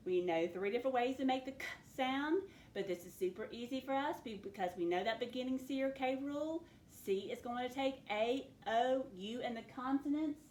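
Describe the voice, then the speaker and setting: A woman teacher leading a recorded phonics lesson, clearly sounding out words and letters for her students. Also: high voice, moderate pace, few pauses, darkish tone, roomy sound, a little hiss or hum. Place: classroom with a board.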